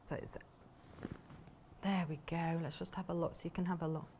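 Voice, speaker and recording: A woman's voice: fairly low pitch, little pitch movement, moderate pace, mellow, slight background noise. Chatty woman selling fabric on TV. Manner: chatty, enthusiastic, rambling. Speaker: shopping TV presenter. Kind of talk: live shopping-channel demonstration. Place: TV studio.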